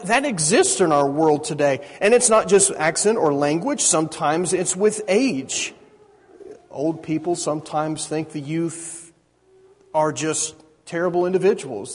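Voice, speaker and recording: Man, preacher, sermon, questioning the audience, breathy high voice, long hall reverb. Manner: conversational, asks the audience questions, frequent restarts.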